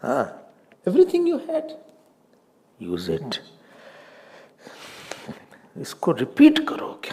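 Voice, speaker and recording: A man's voice: fairly high pitch, huge pitch swings, fairly quick, pauses often, darkish tone. An Indian man giving a spiritual sermon, pressing his listeners with rhetorical questions, slipping into Hindi and often laughing. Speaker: spiritual teacher.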